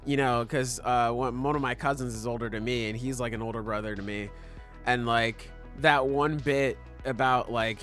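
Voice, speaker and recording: A young man co-hosting a podcast in casual chat, excitable and swearing, with lots of fillers. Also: medium pitch, normal speed, faint music behind. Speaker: podcast co-host.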